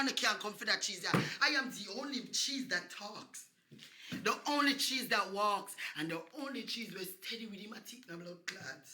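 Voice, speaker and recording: A Jamaican woman on a livestream, taunting and cursing loudly, often breaking into shouts. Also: mid-range voice, normal speed. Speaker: social media personality. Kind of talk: livestream rant.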